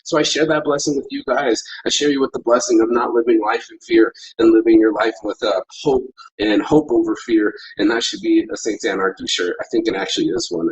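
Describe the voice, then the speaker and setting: A man's voice: lowish voice, slightly rough, poor audio. A middle-aged man hosting a morning livestream, giving a rambling, profane pep talk about facing fear while vaping. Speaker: livestream host.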